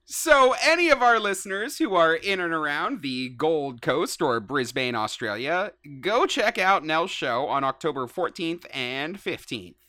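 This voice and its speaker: A woman's voice: low-pitched, animated, unhurried, few pauses, bright, forceful tone, no echo, clean studio sound. A woman co-hosting a casual podcast, joking and reading out news segments. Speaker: podcast co-host.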